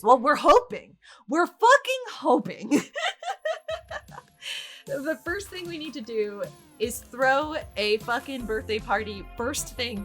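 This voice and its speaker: A woman's voice: mid-range voice, fairly bright tone. A woman hosting casual gameplay commentary, exasperated, swearing freely and laughing often. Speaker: gaming channel host.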